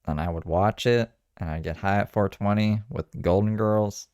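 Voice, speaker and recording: A man's voice: lowish voice, moderate pace, darkish tone, no room sound, studio quality. A man riding along in a car, chatting casually and making wry joking asides. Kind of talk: casual chat.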